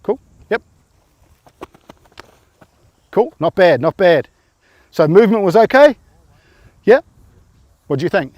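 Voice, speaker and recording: A man's voice: high-pitched, sing-song, moderate pace, darkish tone, no room sound, muffled recording. A man coaching rugby players through tackle drills, informal and encouraging, often quizzing them.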